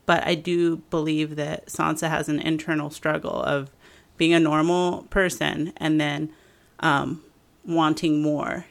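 A woman's voice: low-pitched, gravelly. A woman discussing a TV show in casual chat, thinking through her theories.

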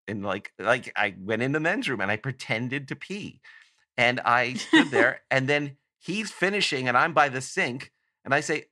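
A man's voice: mid-range voice, expressive, fairly quick, pushed and bright, dry recording, studio quality. A man from Canada telling a long, rambling story as a podcast guest, often breaking off and restarting his sentences. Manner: rambling, self-interrupting storyteller. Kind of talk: casual anecdote telling.

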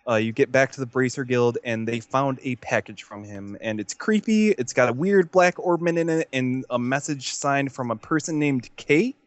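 A man leading a relaxed talk about a game, recapping events in an easygoing way. His voice sounds dry and close to the mic, with no room echo. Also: mid-range voice, normal speed, few pauses. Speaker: podcast co-host. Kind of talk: casual chat about a video game.

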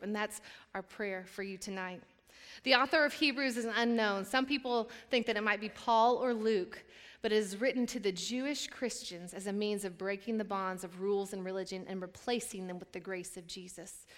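A woman giving a conversational sermon at a women's church event, earnest and candid, weaving scripture together with stories about her family. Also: mid-range voice. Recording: echoey hall.

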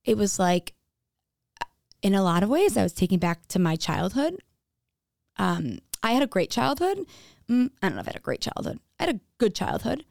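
Frank woman with vocal fry. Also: medium pitch, sing-song, normal speed, pauses often, a little mellow, no echo, studio quality. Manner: frank, casual, swears freely, uses "like" often. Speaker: podcast speaker. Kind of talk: candid personal storytelling.

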